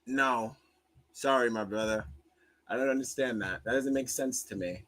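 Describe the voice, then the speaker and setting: A man's voice: medium pitch, normal speed, a bit bright. A man hosting a livestream, reacting in a casual, profane and joking way. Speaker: streamer host.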